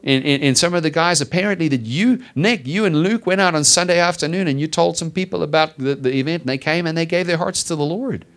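A man's voice: fairly high pitch, fast talker, few pauses, fairly bright tone. Man preaching an emphatic sermon. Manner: preaching with rising emphatic repetition. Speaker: pastor.

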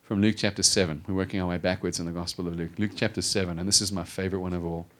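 In a low-pitched voice, a middle-aged male pastor races through his sermon. He's animated, performing the voices of the biblical characters he describes.

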